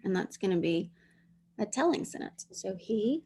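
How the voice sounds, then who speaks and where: Slow, patient woman teacher. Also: medium pitch, a little mellow. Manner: slow, patient, sounding out words letter by letter. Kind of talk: dictation lesson for young children.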